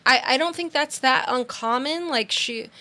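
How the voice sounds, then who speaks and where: A woman's voice: high-pitched, normal speed. A young woman co-hosting a podcast, retelling a true-crime case in casual chat with lots of "like"s and acted-out quotes. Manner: animated storytelling, many "like"s and quoted voices. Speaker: podcast co-host.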